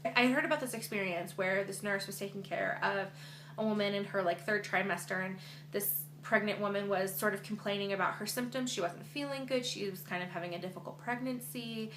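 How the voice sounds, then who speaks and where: A woman's voice: mid-range voice, brisk, a bit bright. A young woman vlogger chatting earnestly to her camera, with lots of fillers. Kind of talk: casual chat to camera. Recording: echoey room with faint hum.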